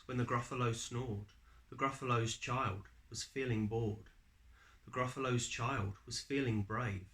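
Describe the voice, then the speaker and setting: A man reading a rhyming picture book aloud with an expressive, rhythmic delivery. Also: medium pitch. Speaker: storyteller.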